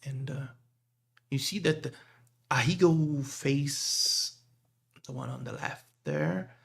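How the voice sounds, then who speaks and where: A man narrates a tabletop game as game master, halting and filling pauses. His voice is gravelly and husky, and he takes his time. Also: mid-range voice. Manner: halting, many fillers.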